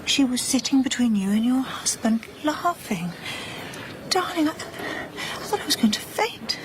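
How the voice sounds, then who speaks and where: An actress playing a grieving wife in a radio drama, speaking in a breathy, earnest, half-whispered way. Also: female voice, high voice, expressive, measured pace, noisy background. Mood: urgent hushed. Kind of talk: BBC radio drama acting.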